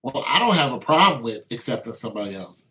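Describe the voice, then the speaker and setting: A man's voice: mid-range voice, big pitch swings, quick pace, sharp tone, low-quality recording. A man from the United States talking in an emphatic, rambling way, with many restarts and "you know what I'm saying" asides. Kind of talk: casual opinionated talk.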